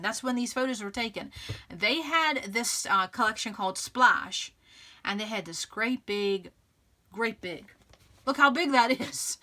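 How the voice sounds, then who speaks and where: Pitched on the high side, her voice is bright and forceful. She runs a scrapbooking channel and talks through a casual crafting tutorial in an upbeat, chatty way, often laughing and thinking out loud while working.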